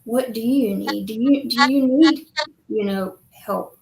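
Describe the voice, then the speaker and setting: A woman's voice: on the high side, slow pace, gravelly, darkish tone, reverberant, low-quality recording. A woman hosting an online panel, affirming others and reflecting on caregivers' needs. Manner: affirming, many mm-hmms, reflective. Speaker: host. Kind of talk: panel discussion. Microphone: video call.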